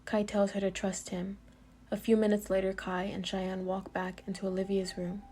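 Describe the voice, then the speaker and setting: A woman reading a story aloud in a plain, steady manner. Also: mid-range voice, normal speed. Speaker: audiobook reader. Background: faint music.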